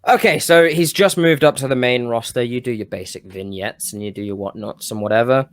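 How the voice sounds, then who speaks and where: A man co-hosting a podcast, pitching a wrestling storyline in casual chat, rambling and losing his thread now and then. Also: fairly quick. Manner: rambling, self-interrupting, with bursts of enthusiasm. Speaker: podcast co-host.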